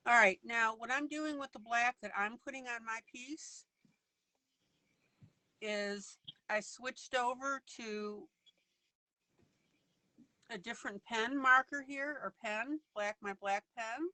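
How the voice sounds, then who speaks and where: A woman hosts a live coloring show and walks viewers through each step of her work. Her voice is bright and clear. The sound is close and dry, with almost no room echo. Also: fairly high pitch, slow, pauses often. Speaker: host of a coloring broadcast.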